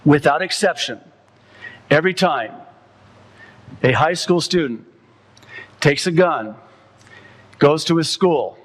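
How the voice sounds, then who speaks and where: A man's voice: expressive, slow pace, long pauses. Impassioned male preacher. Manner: impassioned preaching, voice climbing high and loud when stirred. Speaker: pastor. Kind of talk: sermon.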